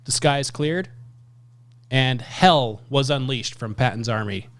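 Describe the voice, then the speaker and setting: A man with an even, middle-pitched voice co-hosts a talk podcast. He reads historical quotes aloud with deliberate emphasis. The sound is dry and close, with no room echo. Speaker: podcast co-host. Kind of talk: casual chat, reading quotes aloud.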